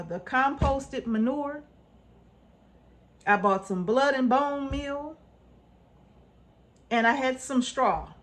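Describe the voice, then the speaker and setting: Fairly high in pitch with a fairly bright tone, this homestead vlogger talks to her viewers in an informal, folksy way. She offers earnest, casual advice, goes over her points again, and keeps asking "right?"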